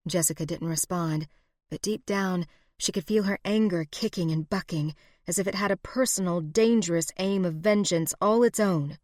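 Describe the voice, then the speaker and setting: Woman narrator with a steady, lower voice, reading a western romance. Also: normal speed, no echo, studio quality. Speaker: audiobook narrator. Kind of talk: scripted narration.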